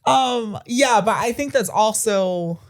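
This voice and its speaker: A woman's voice: a little high, slow pace. A woman co-hosting a podcast at home in casual chat, agreeable, often answering with short replies and laughs. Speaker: podcast co-host.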